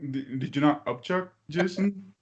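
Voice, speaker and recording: A man's voice: on the high side, moderate pace, muffled recording. A man hosting a casual podcast over a video call, asking playful, teasing questions. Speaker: podcast host.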